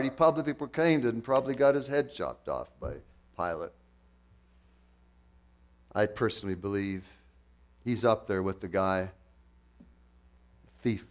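A man's voice: lowish voice, expressive, a little slow, pauses often. A man preaching a sermon with passion, firing rhetorical questions and repeating phrases for emphasis. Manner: impassioned, swings from loud to hushed, rhetorical questions, repetition.

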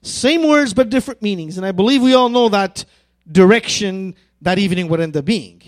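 A man preaching a sermon as pastor, earnest and emphatic, stretching out key phrases. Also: high-pitched. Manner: earnest, drawn-out emphatic phrases building to fervent pleading.

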